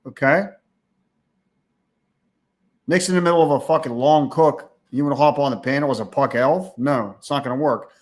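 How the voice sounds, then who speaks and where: A man's voice: medium pitch, moderate pace, pauses often. A man hosting a livestream, ranting casually with crude, profane mockery. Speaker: livestream host.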